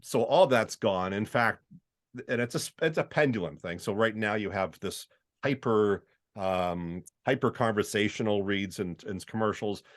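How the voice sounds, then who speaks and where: A middle-aged man from Canada talks casually as a podcast guest about his voiceover work. His voice sits on the low side, and he breaks into quick acted-out voices to make his points. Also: lively intonation. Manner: chatty, often acts out quoted voices.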